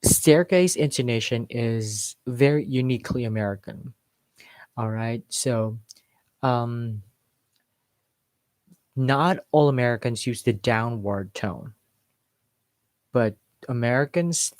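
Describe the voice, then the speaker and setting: Male accent coach, casual live-stream lesson, mid-pitched voice, dry close mic. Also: slow pace, long pauses, dry recording. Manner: explains with modeled examples and filler words. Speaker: English accent teacher.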